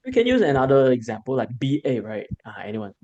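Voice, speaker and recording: A man teaching a beginner language class, slowly repeating sounds for students to echo. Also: mid-range voice, huge pitch swings, darkish tone, dull audio. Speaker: Mandarin teacher. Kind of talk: classroom lesson.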